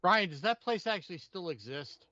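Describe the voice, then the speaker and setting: A man's voice: high voice, animated, moderate pace, pushed and bright, no room sound. A man co-hosting a podcast, rambling through a story with restarts. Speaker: podcast co-host. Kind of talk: casual chat. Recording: dull dry podcast mic.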